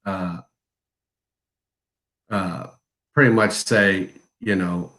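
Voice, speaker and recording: A man's voice: fairly low pitch, normal speed, fairly bright tone. A man co-hosting a live fragrance show, ranting in a blunt, mocking and crude way. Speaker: co-host of a fragrance review livestream. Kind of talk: heated livestream rant.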